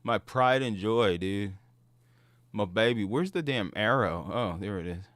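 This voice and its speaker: A man's voice: fairly low pitch, unhurried, dry recording, clean studio sound. A man telling a story casually to camera, slangy and profane, acting out sounds and voices as he goes. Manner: slangy and profane, peppered with "bro" and "dude"; animated, acts out sounds and voices. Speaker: gaming channel host.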